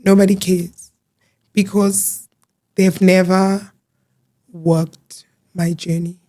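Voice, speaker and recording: Earnest, halting woman telling her story. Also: fairly low pitch, little pitch movement, dark tone. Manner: hesitant, earnest, repeats words. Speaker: interview guest. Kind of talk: personal testimony in an interview.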